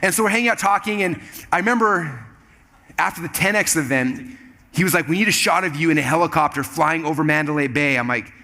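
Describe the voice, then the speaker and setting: A man tells a rapid-fire story from the stage to a live crowd. His voice sits somewhat high and rings bright and forceful. He keeps slipping into other people's voices as he acts out what they said. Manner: animated, acts out quoted dialogue in shifting voices. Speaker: keynote speaker. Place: live event stage with audience.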